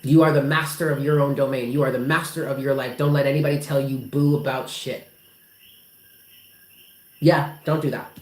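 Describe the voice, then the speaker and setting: A woman's voice: very deep voice, fairly even intonation, normal speed, long pauses. A woman giving live tarot readings to her viewers, affectionate and emphatic, who swears casually. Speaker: tarot reader. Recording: roomy with faint background noise.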